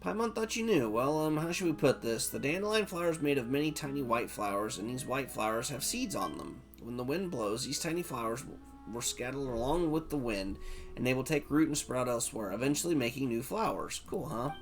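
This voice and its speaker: A man reading game dialogue aloud as an excitable tiny female fairy companion, in an eager, explaining tone. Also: medium pitch, fairly quick, faint music behind, close to an everyday voice.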